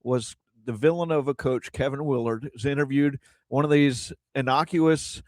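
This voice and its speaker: A man's voice: mid-range voice, fairly even intonation, moderate pace, dry recording. A middle-aged man co-hosting a sports talk radio show, chatty and often repeating words as he finds his point.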